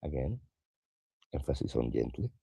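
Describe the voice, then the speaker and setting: A very deep-voiced man leads a morning stretching class. His cues are calm and instructive, and his voice sinks soft and low when he stresses a word. Now and then he stops on fillers while he explains a point. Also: moderate pace, gravelly, breathy edge. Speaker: yoga and somatic practice teacher.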